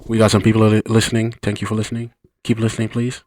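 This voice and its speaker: A man's voice: on the low side, completely flat delivery, quick pace, darkish tone, no room sound. Guy cohosting a podcast, rambly, keeps forgetting names, dry close sound. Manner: rambling, loses track of names. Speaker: podcast co-host. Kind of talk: casual chat.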